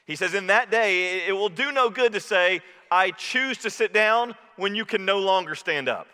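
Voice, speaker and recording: A man preaching a sermon as pastor, impassioned, dropping low and quiet when he quotes scripture. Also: lively intonation, moderate pace, smooth. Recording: reverberant hall.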